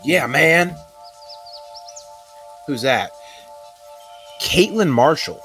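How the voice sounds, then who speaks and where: A man with a relaxed, easygoing way of talking, musing aloud as he plays. Faint game music hums underneath. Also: fairly high pitch, extremely slow. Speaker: game player. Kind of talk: casual co-op gaming chat.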